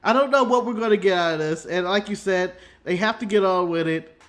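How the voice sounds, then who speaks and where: An American man co-hosts a casual podcast, telling animated stories and laughing often. His voice sits high and has a bright, forceful edge. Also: fairly quick. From United States. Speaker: podcast co-host. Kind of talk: casual wrestling recap chat.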